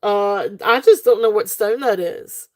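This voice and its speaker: A woman's voice: mid-range voice, unhurried. A woman selling jewelry on a live stream, rambling in a casual way, often breaking into giggles and chatting with her viewers. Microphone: desk setup, face off camera.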